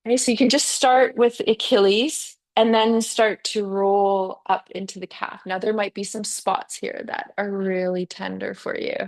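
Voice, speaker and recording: A woman's voice: mid-range voice, level tone, moderate pace, hardly any pauses. A middle-aged woman leads a yoga class in a chatty, encouraging way. She talks students through each movement and fills the gaps with easy "yeah"s and "okay"s. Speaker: yoga teacher. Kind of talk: live guided yoga class.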